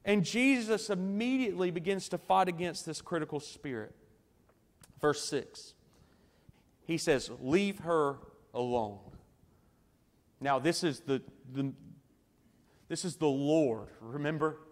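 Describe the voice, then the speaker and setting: A man preaching a sermon as pastor, earnest, slowing for emphatic phrases and dropping soft at times. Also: a little high. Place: church sanctuary. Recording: long church hall reverb.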